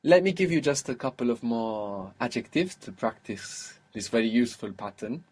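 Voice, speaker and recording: A man's voice: medium pitch, lively intonation, normal speed, a little mellow, husky. A man teaching a one-on-one lesson, explaining patiently and repeating words for the learner. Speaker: Arabic teacher.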